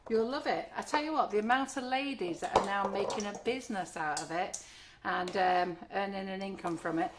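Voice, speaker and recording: A woman's voice: medium pitch, fairly quick, very noisy. Chatty woman teaching cake decorating. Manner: chatty, friendly, talks while working. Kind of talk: live online class demo. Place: home kitchen.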